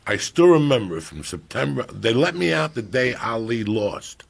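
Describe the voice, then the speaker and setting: A middle-aged man with a gravelly, husky voice telling a profane comic story on a podcast, animated and loud at times, hushed at others. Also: mid-range voice, normal speed.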